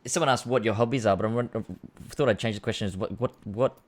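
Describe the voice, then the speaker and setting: A young man hosts a casual interview from home over a video call. His voice is very low for a man. He rambles and hesitates as he works his way toward each question. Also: fast talker. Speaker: host.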